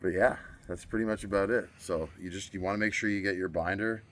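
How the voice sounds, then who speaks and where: A man's voice: sits low, steady tone, quick pace, a bit bright. A laid-back man hosting his own barbecue cooking vlog, chatting casually and thinking aloud as he works. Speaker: barbecue cook and show host.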